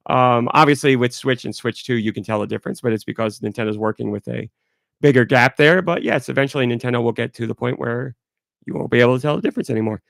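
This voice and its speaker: Male podcast host, gravelly and stuffed-up, rambling candid solo talk, dry close sound. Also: medium pitch, quick pace, fairly bright tone, dry recording. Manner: rambling, candid, talks through it. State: congested.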